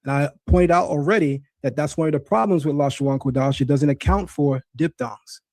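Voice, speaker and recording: Man with a mellow, dry voice, correcting. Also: fairly high pitch, a little fast, no room sound. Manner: insistent, corrective, lecturing. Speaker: host. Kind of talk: livestream debate on Hebrew pronunciation. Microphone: screen-sharing stream setup.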